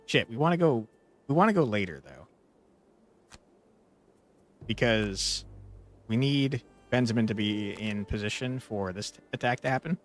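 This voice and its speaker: A young gaming streamer plays a tactics game while chatting casually, swearing playfully and erupting into mock outrage. His mid-range voice is lively, at a moderate pace with frequent pauses. Faint game music plays in the background.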